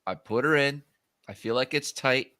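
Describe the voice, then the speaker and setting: A man hosting a fishing livestream, talking in a relaxed, easygoing way. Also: mid-range voice, normal speed. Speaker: host. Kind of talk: casual livestream chat.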